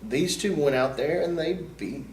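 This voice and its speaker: A man guest on a wrestling podcast, telling stories in a casual, animated way that turns loud when he gets worked up. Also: a little high, a little slow, slight background noise. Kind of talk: casual storytelling chat. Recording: roomy echo, distant mic, faint ambience.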